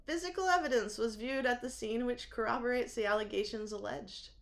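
A woman's voice: fairly high pitch, fairly quick, creaky. A woman with a New England accent, co-hosting a podcast and telling stories with lots of laughter and animation. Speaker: podcast co-host. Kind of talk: casual podcast chat.

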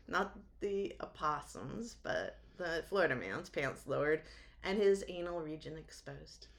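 A woman's voice: low-pitched, lively intonation, unhurried, vocal fry. A woman with a New England accent, co-hosting a podcast and telling stories with lots of laughter and animation. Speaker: podcast co-host. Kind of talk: casual podcast chat.

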